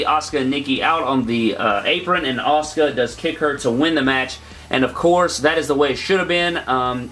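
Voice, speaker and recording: A man's voice: mid-range voice, fairly bright tone. A young man hosting his own channel, giving a casual, opinionated wrestling review with plenty of fillers.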